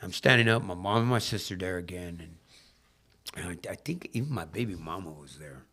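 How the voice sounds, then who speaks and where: Animated man telling a recovery story. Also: a little fast. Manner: animated storytelling, acts out quoted voices, swears freely; drops low and quiet on emotional moments. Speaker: podcast guest. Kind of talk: casual storytelling.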